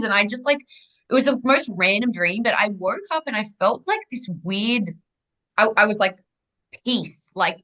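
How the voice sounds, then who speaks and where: A young adult woman, a guest in a casual interview, telling a personal story in a rambling, animated way full of restarts. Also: medium pitch, normal speed, rough recording.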